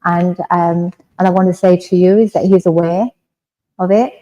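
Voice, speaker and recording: A woman with an English accent speaks as a medium, addressing her listeners directly in a soft, reassuring way. Her voice sits somewhat low for a woman and has a warm, mellow tone, and she keeps asking "all right?" as she goes. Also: steady tone, normal speed, rough recording. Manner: gentle, reassuring, often asks "all right?". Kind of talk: mediumship demonstration. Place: village hall.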